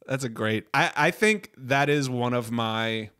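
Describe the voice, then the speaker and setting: A man's voice: medium pitch, measured pace, pushed and bright, clear, resonant tone, dry recording, studio quality. A man in casual podcast chat about comedy films, animatedly retelling movie scenes, laughing and acting out the lines.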